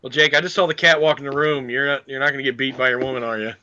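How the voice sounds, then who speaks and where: A man's voice: mid-range voice, fairly even intonation, very fast, pushed and bright. A man in casual chat on a video call, talking bluntly with crude jokes. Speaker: co-host panelist. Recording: lo-fi call audio.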